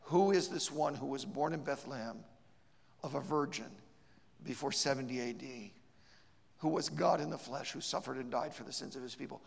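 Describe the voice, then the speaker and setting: Gravelly preacher in a reverberant church. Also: male voice, mid-range voice, normal speed. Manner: emphatic, repeats words in restarts, storytelling. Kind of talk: sermon. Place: church sanctuary.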